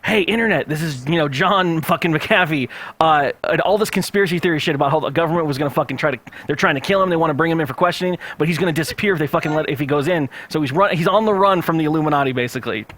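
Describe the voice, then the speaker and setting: A man's voice: fairly high pitch, rapid-fire, few pauses, fairly bright tone. A man hosting a podcast, telling a story in a rambling, profane way with lots of fillers. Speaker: podcast host. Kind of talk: casual chat.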